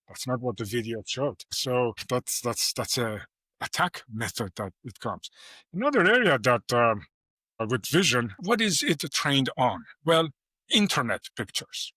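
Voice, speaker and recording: Bright-voiced middle-aged man, animated talker. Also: mid-range voice, breathy edge, no echo. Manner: animated storyteller, acts out quoted dialogue. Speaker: guest AI professor. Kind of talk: casual interview talk.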